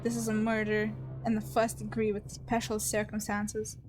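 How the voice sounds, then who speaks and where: A woman voicing a hateful, mocking, androgynous woman with a raspy, detached voice, from a story game she reads aloud. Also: mid-range voice, monotone, normal speed, over music, close to an everyday voice, rough recording. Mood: accusing. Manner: cold, taunting.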